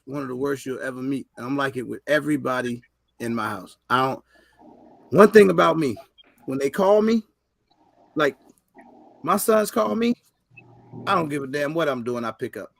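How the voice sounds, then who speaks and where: A man's voice: medium pitch, expressive, normal speed, vocal fry, long pauses, a bit bright, dry recording. A man hosting a podcast, chatting casually in a blunt, emphatic way full of slang. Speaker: podcast host. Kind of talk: casual chat.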